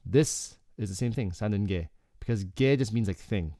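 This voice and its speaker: Male Korean tutor, deep and warm, laid-back explainer who keeps saying "okay". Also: fast, dry recording, studio quality. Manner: relaxed, explanatory, frequent "okay" and "like". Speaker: Korean language teacher. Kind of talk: casual lyrics breakdown lesson.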